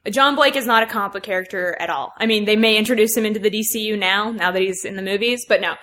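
A woman guest in a casual podcast chat, talking quickly and laughing often. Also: medium pitch, a bit bright. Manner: quick, laughing nerd talk.

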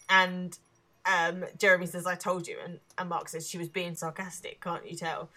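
A woman co-hosts a casual podcast, retelling a TV episode scene by scene. Her voice sits a little low but sounds bright and forceful. She laughs easily and fills her pauses with hesitant ums. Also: little pitch movement. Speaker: podcast co-host. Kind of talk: casual chat, recapping a TV episode.

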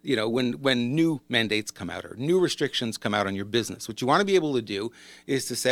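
A man's voice: mid-range voice, expressive, fast talker, fairly bright tone. A man speaks in a loose, rambling way as a business coach, circling back and restarting his thoughts. His voice sits in an ordinary middle register. The recording is dry and close, with no room echo. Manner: rambling, conversational, self-correcting. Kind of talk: casual monologue to camera.

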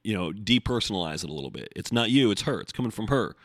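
Male podcast host, lower register, dry and close, casual profane rambling monologue. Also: expressive, fast talker, dry recording. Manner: blunt, profane, rambling with restarts. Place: home, recording before the gym.

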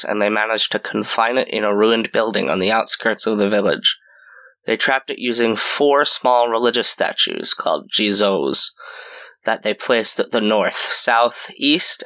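A man narrating a scripted horror story in a measured storytelling way. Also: fairly low pitch, pushed and bright.

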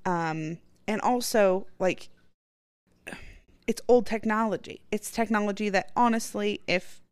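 A woman's voice: medium pitch, measured pace, clean tone, no room sound. A woman, a parent, talking frankly and matter-of-factly in casual chat.

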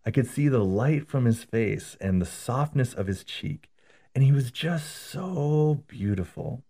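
A man voicing a devout older grandmother who is upset over her prayers, in a high, breathy, emotional voice. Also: animated, a little slow, mellow. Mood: rapt.

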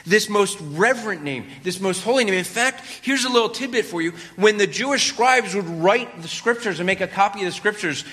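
A man's voice: sits high, expressive, fairly quick, hardly any pauses, bright, forceful tone. A man preaching a sermon in a conversational teaching manner, often putting questions to his listeners. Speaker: pastor. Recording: long reverb of a hall.

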